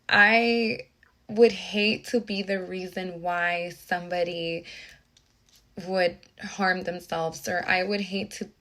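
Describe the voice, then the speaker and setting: Earnest young woman, low voice. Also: sharp tone. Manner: earnest, reflective, with many restarts and quoted dialogue. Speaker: teacher. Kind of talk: personal storytelling, emotional.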